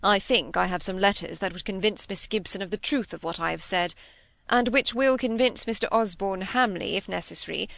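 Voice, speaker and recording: A woman reading an insistent young gentleman suitor. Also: mid-range voice, brisk, gravelly, no room sound. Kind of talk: audiobook character reading.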